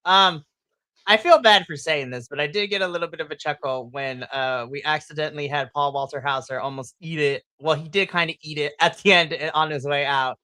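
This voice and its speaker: An excitable man co-hosting a wrestling podcast, full of swearing and loud acted-out reactions. His voice is bright and sits close and dry on the mic. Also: fairly high pitch, fairly quick, no room sound. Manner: excitable, swears, animated retellings with shrieks and laughs. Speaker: podcast co-host. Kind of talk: casual wrestling recap chat.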